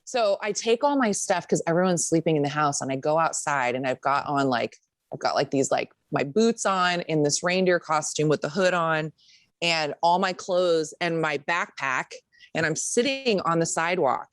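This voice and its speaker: Her voice sits low and she talks at a normal speed, with no room sound around her. This young adult woman, a podcast co-host, spins a story in relaxed chat, swearing openly and vividly acting out others' words.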